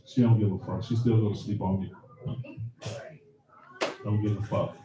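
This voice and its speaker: Profane comedian in a roomy club. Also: male voice, on the low side, level tone, moderate pace, dull audio, music in the background. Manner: loose, profane, laughs at own jokes. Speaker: stand-up comedian. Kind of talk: live stand-up set. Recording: roomy club sound from far off.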